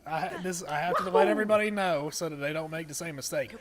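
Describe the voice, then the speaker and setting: A man's voice: fairly high pitch, fast, a loud crowd. A young man co-hosting a gaming stream, chatting casually with emphatic, mock-serious rants. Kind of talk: casual chat.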